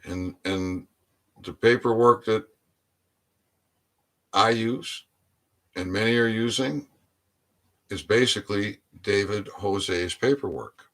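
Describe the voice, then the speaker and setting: A man delivering a preachy political rant, exhorting his listeners and often rising into loud, emphatic outbursts. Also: lowish voice, slow, long pauses. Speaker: online commentator.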